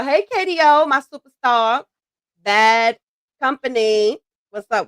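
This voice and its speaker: Woman co-host, sassy streamer, higher voice, dry close sound. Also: moderate pace, no echo. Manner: sassy, animated, laughs often. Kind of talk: casual livestream chat, reading chat aloud.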